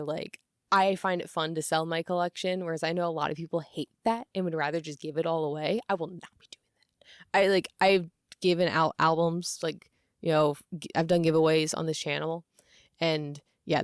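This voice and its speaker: A woman's voice: deep voice, steady tone, a little fast, no echo, clean studio sound. A woman in her thirties talking casually to camera in a rambling confessional vlog, laughing often and using lots of filler words. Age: 30s. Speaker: YouTuber.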